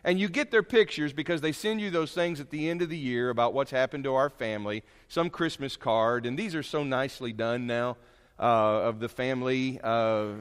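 A male pastor giving a sermon in a folksy, joking way, then reading scripture loudly and with emphasis. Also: mid-range voice. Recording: long hall reverb.

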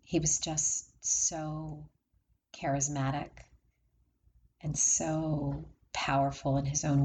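Chatty and warm, a middle-aged woman from around Maryland tells a touching story from her life, breaking into laughter often between lines. Her low voice has vocal fry, and there's slight background noise.

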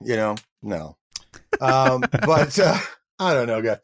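A middle-aged man speaks as an actor guest on an interview show. His voice sits at a medium pitch, and he tells his story with energy, acting out every line of dialogue himself. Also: lively intonation, slow pace. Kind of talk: interview anecdote.

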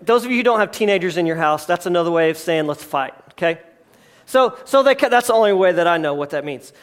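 A pastor preaching a sermon, telling a story with lively asides, jokes and acted-out quotes. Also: male voice, sits high, fast. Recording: live address to a congregation.

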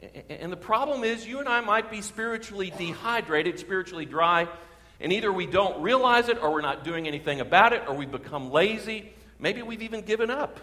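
Guy preaching a sermon, kinda high voice, big echoey church hall, punches the key lines. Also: lively intonation, brisk, sharp tone. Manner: emphatic, swelling for key phrases. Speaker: pastor. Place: church sanctuary. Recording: reverberant church sanctuary.

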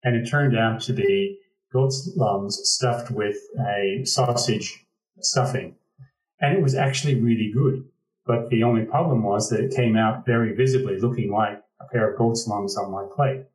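Speaking at a moderate pace in a fairly low, slightly mellow voice, a man from the Pacific Northwest of the United States shares a reflective personal story, often restarting phrases. He's distant from the mic, the room is reverberant, and the audio is poor.

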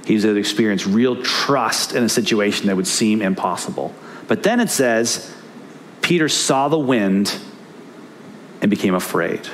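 A man's voice: on the low side, animated, moderate pace, a little hiss or hum. A man preaching a sermon as pastor, earnest and emphatic, repeating key phrases for weight.

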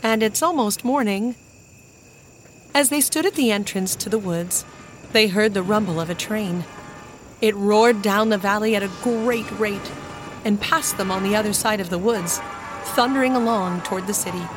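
A woman narrating a children's storybook in an even, measured way. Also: medium pitch, a little hiss or hum. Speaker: audiobook narrator. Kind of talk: storybook reading.

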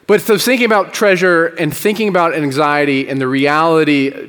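A man's voice: fairly high pitch, fairly bright tone, long reverb tail. A man, a pastor, preaching a sermon in a loose, joking, conversational way. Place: church sanctuary.

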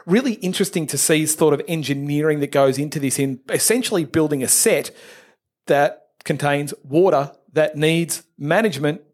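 Casting: male podcast host, slightly higher voice, brisk and upbeat. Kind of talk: casual industry news chat.

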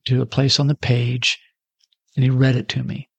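Gravelly husky man telling a story. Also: mid-range voice, completely flat delivery, moderate pace, no room sound, dull audio. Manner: conversational, self-deprecating, acts out the dialogue. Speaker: storyteller giving a personal testimony. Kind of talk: casual spoken storytelling.

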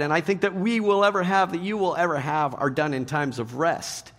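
Preaching to a live congregation, this middle-aged pastor is playful and lively, alternating booming punchlines with quiet, sincere moments. He speaks at a moderate pace in a voice that sits high.

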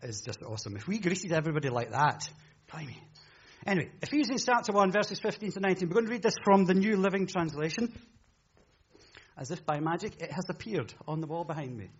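A man's voice: high voice, animated, quick pace, slightly rough, lo-fi sound. A man preaching a sermon in church, chatty and jokey, teasing his congregation. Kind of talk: humorous sermon talk.

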